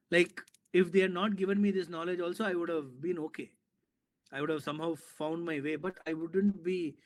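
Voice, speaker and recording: A man, a filmmaker from India, talking in an interview and excitedly retelling a film scene with sound effects and repetition. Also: a little high. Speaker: filmmaker guest. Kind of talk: animated storytelling in an interview.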